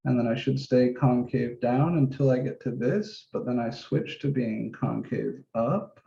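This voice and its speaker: Man, math instructor, casual step-by-step explaining, gravelly, dark mellow tone, roomy lo-fi sound. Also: mid-range voice, a little slow. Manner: casual and relaxed, talks through each step, occasional mild swearing. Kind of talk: office-hour lesson, thinking aloud while drawing. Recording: roomy, dull lo-fi recording.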